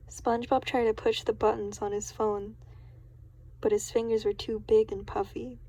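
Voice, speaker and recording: A woman's voice: mid-range voice, flat delivery, unhurried, darkish tone, rough recording. A woman reading a children's storybook aloud, giggling and stopping to react in surprise. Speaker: storybook reader.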